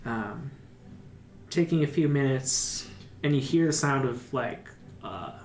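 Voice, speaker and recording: A man's voice: medium pitch, takes it slowly, darkish tone, a little hiss or hum. Man narrating a tabletop game. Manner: casual, filler-heavy narration. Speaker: dungeon master. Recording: roomy room, music behind.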